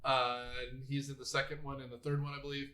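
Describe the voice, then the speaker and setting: A man hosting a casual movie review podcast, talking in an animated way and laughing often. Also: fast talker. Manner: animated, laughing, jumps into high voices for quotes. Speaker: podcast host.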